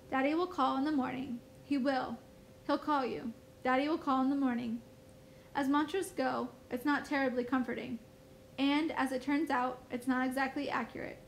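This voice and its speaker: A woman teacher reading a first-person novel aloud in a steady storybook manner. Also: sits high, a little hiss or hum, poor audio.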